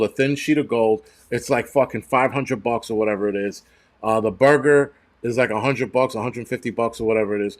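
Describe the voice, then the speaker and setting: A male host rants on a casual livestream in a mid-range voice. He talks bluntly and swears often, rambling and restarting his sentences as he goes. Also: mid-range voice.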